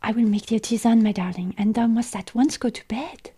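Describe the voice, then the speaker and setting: A woman's voice: fairly high pitch, a little fast, dark tone, slightly rough. A woman voicing an anxious, loving old-fashioned mother in a whispered role-play, using old-fashioned speech. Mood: tender. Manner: archaic, fussing speech.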